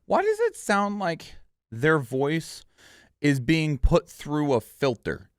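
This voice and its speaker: A man casually reacting to a game trailer, excitable and rambling with lots of fillers. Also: fairly high pitch, slow, smooth, no echo, clean studio sound.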